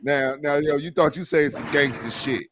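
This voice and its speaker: A man's voice: fairly high pitch, normal speed, noisy background. A man in loose, profanity-heavy casual chat, telling joking stories. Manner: loud, profane, joking storyteller.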